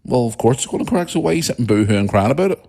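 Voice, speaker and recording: A man's voice: mid-range voice, animated, very fast, vocal fry, mellow. A man hosting a podcast in a casual monologue, talking bluntly and heatedly with plenty of swearing. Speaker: podcast host.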